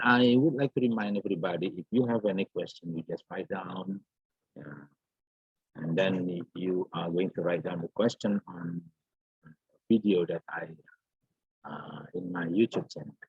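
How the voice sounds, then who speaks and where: A man explains grammar in a slow, unhurried lesson, often repeating himself and restarting his sentences. His voice is low and a little husky. The recording is dry and dull, with a lo-fi sound. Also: expressive, no room sound. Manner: halting and repetitive, restarts phrases, many fillers. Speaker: English teacher.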